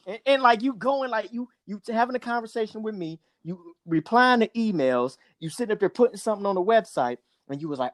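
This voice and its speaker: A man's voice: sits high, quick pace, hardly any pauses, no echo, clean studio sound. A man co-hosting a casual podcast, telling a story with acted-out quotes and cursing. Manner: animated storyteller, acts out quotes, profane. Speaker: podcast co-host.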